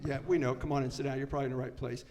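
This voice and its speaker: A man's voice: medium pitch, level tone, rapid-fire, a crowd in the background. An older man from Maryland sharing his recovery story at a meeting, conversational and self-mocking. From Maryland, United States. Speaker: AA speaker. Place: meeting room before a live audience.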